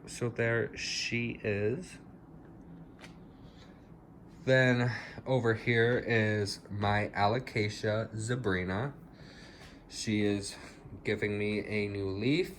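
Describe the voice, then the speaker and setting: A man with a lowish voice talks slowly and casually through a tour of his house plants, chatty and a bit dramatic about each one. A faint hiss of room noise sits under his voice. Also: steady tone. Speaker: plant vlogger. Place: home with plants, indoors.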